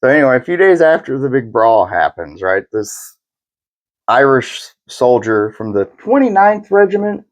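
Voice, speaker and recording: A young podcast co-host with a mid-range, sing-song voice at normal speed tells history casually, rambling and swearing as he acts out what people said.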